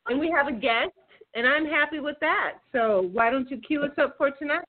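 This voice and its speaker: Woman cohost on a phone line, slightly high voice, teasing and laughy. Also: normal speed. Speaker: co-host. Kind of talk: casual radio chat.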